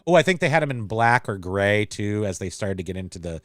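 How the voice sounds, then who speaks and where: A man's voice: lowish voice, big pitch swings, a little fast, dry recording, clean studio sound. A man hosting a livestream in a casual, rambling chat, reading out and answering viewer comments. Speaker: livestream host.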